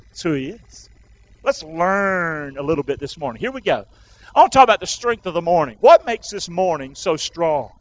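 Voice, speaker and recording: A man's voice: high voice, fairly bright tone, muffled recording. A man preaching an Easter sermon, urging the congregation to repeat after him. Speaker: pastor.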